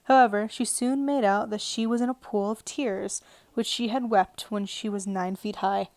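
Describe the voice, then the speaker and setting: A woman narrating a storybook aloud in a calm, even read-aloud manner. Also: medium pitch, moderate pace, no echo. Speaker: audiobook narrator. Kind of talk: storybook reading. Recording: dry home recording. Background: faint television sound.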